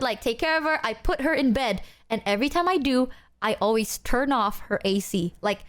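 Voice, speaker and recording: High-voiced young woman ranting to chat. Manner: animated, swears a lot, rants. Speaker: streamer. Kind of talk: casual chat with stream viewers.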